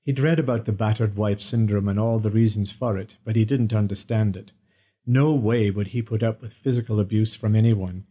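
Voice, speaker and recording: A man narrating a romance audiobook in a steady storytelling manner. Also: fairly low pitch. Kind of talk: scripted narration.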